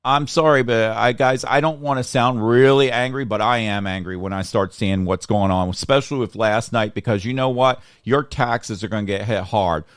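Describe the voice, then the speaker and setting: A man's voice: fairly low pitch, moderate pace, few pauses, smooth, no room sound, studio quality. A man from Florida hosting a casual political talk show, ranting heatedly and repeating himself. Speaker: show host.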